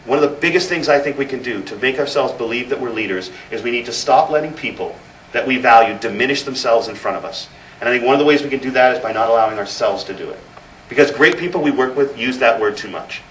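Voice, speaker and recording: In an event hall, a guest speaker in his thirties gives a motivational speech, repeating key lines for emphasis as he tells stories. His voice is medium in pitch with a fairly bright tone, picked up by a distant mic in a roomy space with faint noise.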